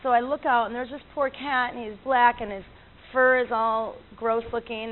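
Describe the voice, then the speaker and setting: A woman's voice: on the high side, steady tone, normal speed, few pauses. Chatty woman on a tinny line. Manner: chatty, laughs often, many fillers and restarts. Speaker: animal communicator. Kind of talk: casual storytelling talk. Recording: tinny lo-fi line with faint noise.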